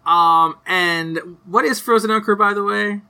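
A man's voice: sits high, unhurried, crowd noise. A man co-hosting a podcast in casual chat, rambling with lots of fillers and casual swearing. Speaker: podcast co-host. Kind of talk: casual chat recapping a cartoon episode.

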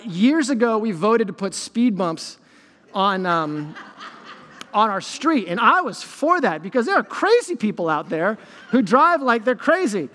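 A man preaching a sermon as lead pastor, telling animated stories with self-deprecating humor. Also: very high-pitched, in a large hall.

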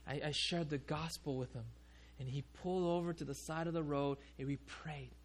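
A man's voice: a little high, steady tone, brisk, close to an everyday voice. A man retelling the earnest words of another man during a sermon. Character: earnest man recalling a prayer.

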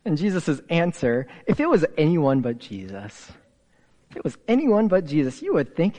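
Man, pastor, sermon, animated storytelling, playful asides, slightly high voice, long hall reverb. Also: moderate pace.

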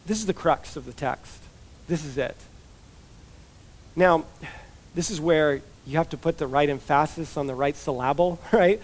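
A man's voice: fairly high pitch, moderate pace, pauses often. A man giving a conversational expository sermon as a pastor, chatty and informal, full of "like" and "you know" asides.

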